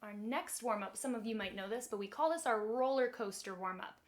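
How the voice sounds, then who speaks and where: A young woman teaching children music warm-ups and a magic trick in a cheerful, slow, encouraging way, recorded indoors on a camera mic. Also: on the high side. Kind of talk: children's lesson.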